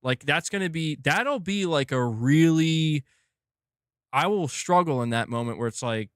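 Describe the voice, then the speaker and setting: A man's voice: fairly high pitch, expressive, measured pace, a bit bright, clear, resonant tone, no room sound, clean studio sound. A man hosting a gaming news stream, ranting casually and with exasperation, swearing and rambling.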